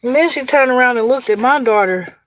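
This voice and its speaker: Talking a little fast in a high-leaning voice, a woman with an Indiana accent tells a story on her outdoor livestream. She's casual and chatty, laughs, and greets viewers by name; the recording is dry.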